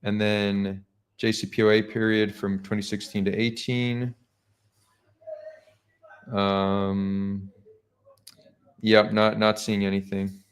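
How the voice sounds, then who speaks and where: Skeptical male streamer, low voice. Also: little pitch movement, slow, long pauses. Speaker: streamer host. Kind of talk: casual live-stream debate.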